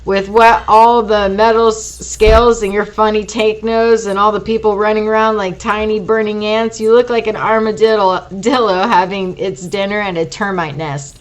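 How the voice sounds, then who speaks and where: A woman voicing a stoned, rambling female jet pilot with a slow, ponderous drawl in an audiobook reading. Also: mid-range voice, steady tone, close to an everyday voice, poor audio. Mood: slurring, rambling.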